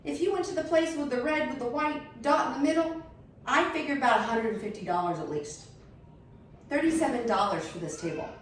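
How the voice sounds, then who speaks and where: A middle-aged woman, telling a blunt, animated story while setting a table. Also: sits high, brisk, distant mic, slight background noise. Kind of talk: casual storytelling chat. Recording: echoey room, voice from off the mic.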